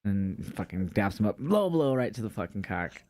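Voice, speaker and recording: Animated man recapping wrestling, swearing freely. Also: fairly low pitch, moderate pace, dry recording. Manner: animated storytelling, swears often, acts out quotes. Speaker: wrestling podcast co-host. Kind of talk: casual chat recapping wrestling shows.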